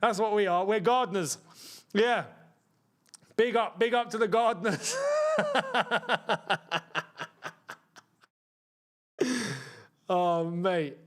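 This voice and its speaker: A young man hosting a live football watchalong, chatting to his viewers and reacting loudly to missed chances. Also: high voice, measured pace, pauses often. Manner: excitable, shouts at missed chances, banters with chat. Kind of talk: live match watchalong commentary.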